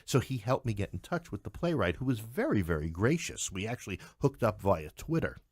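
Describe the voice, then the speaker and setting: American playwright guy chatting in an interview, low voice, dry room, likes to act out quotes. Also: big pitch swings, fairly quick, husky, no echo. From New York. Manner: chatty storyteller who acts out quoted voices. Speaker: playwright and theater producer. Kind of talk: casual interview chat.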